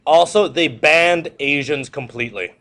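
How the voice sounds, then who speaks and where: A man's voice: on the high side, a little slow. A man teaching a history lecture to a class, repeating key points and joking with students. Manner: repetitive, animated, joking asides to students.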